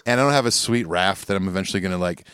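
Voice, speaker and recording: A man's voice: deep voice, very fast, fairly bright tone, smooth, no room sound, clean studio sound. A man co-hosting a podcast in casual chat, laid-back and joking as he reads listener emails. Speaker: podcast co-host. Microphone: studio microphone.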